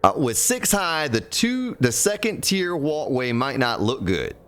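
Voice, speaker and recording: A man's voice: mid-range voice, sing-song, measured pace, a bit bright, clean tone. A man chatting casually and ramblingly while streaming a building game. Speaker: gaming streamer. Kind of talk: casual let's-play commentary.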